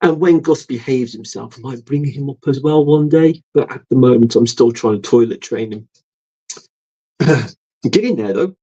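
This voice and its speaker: A man hosting a casual livestream, rambling with lots of ums and soft laughs. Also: medium pitch, moderate pace, husky, dull audio. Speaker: livestream host. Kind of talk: casual livestream chat reading viewer comments.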